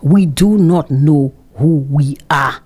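Taking it slowly, this social commentator from Saint Lucia speaks in a low, warm, slightly breathy voice with her Saint Lucian accent. She addresses listeners in an opinionated monologue peppered with sarcastic rhetorical questions.

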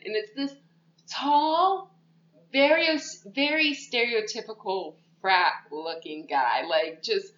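A woman casually recapping a movie plot on a podcast, animated and laughing often as she acts out lines. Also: fairly high pitch, takes it slowly. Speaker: podcast co-host. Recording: dull echoey room recording.

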